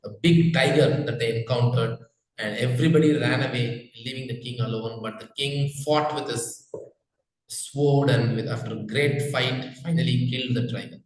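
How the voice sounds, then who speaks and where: A man tells a teaching story in a loose, chatty way. He is a spiritual teacher, and his voice sits at an ordinary middle pitch. The recording is washed in strong room echo. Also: moderate pace. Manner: relaxed, conversational, with many fillers. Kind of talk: storytelling talk. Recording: very echoey room.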